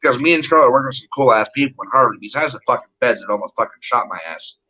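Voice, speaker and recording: A man's voice: medium pitch, racing, pushed and bright, low-quality recording. A man telling a rambling story in casual, profane chat, blunt and full of swearing.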